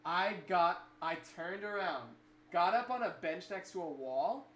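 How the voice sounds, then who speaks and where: A man's voice: high voice, measured pace. A man on a livestream, telling a childhood story casually and animatedly, with many fillers. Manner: animated, rambling anecdote with fillers. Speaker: livestream co-host. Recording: echoey room with faint noise.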